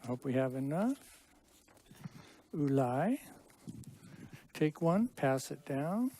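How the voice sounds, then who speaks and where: A man's voice: a little high, sing-song, slow, warm tone, a little hiss or hum. Chatty middle-aged man teaching a class. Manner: chatty, explains with asides and jokes. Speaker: Hebrew teacher. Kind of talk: classroom lesson.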